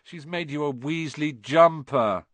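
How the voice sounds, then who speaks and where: An excitable, warm-hearted schoolboy of about eleven, put on by a man reading a storybook aloud. His voice is lifted and bouncy, all gasps and wide-eyed wonder. Recorded dry and close. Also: mid-range voice, unhurried, dry recording. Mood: sheepish.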